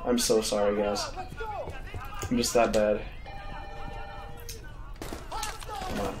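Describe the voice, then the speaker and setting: A man with a fairly low, flat-sounding voice speaks a little slowly, heard over music. He's giving laid-back let's-play commentary on a shooter campaign, jumpy and self-mocking, talking to himself and his viewers. The recording is roomy, with loud game gunfire and battle noise in the background.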